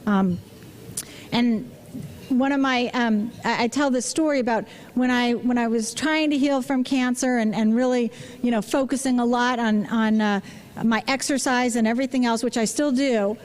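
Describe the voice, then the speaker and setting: A woman's voice: fairly high pitch, fairly even intonation, moderate pace, darkish tone. A woman, a physician, giving a public talk and asking the audience questions, with many restarts and "you know" fillers. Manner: engaging, asks the audience questions.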